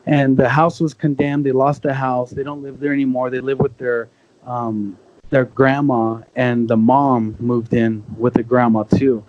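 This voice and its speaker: A man's voice: medium pitch, little pitch movement, measured pace, darkish tone. A young man telling a long eerie story in a casual, rambling way, full of restarts and asides. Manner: rambling, with many restarts and fillers like "you know". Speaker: podcast guest telling encounter stories. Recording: slightly dull lo-fi sound.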